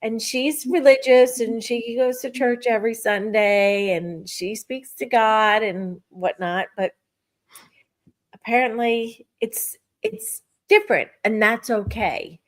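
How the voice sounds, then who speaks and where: A middle-aged woman telling a personal story in casual spiritual chat, animated and acting out her own thoughts. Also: on the high side, slow. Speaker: podcast co-host.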